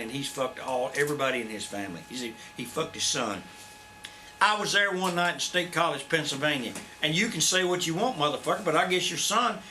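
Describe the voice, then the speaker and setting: Brief: foul-mouthed man, fifties, drawl, high and lively delivery, faint hiss. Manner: blunt, profane, animated storyteller. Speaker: interview guest, former wrestler. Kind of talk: profane shoot interview storytelling. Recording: faint background noise.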